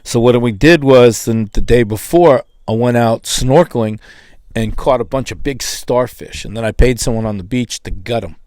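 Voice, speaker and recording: A man's voice: normal speed, a little mellow, dry recording. A man casually recounting a personal testimony in a conversational, storytelling way. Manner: conversational, acts out quoted dialogue with pitch jumps. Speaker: testimony speaker.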